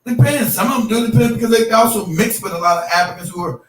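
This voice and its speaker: A man's voice: high voice, fast talker, a bit bright, a little hiss or hum. A man in casual, profane chat who tells stories and laughs as he goes. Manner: loose, profane, laughing storyteller. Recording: roomy echo, distant mic.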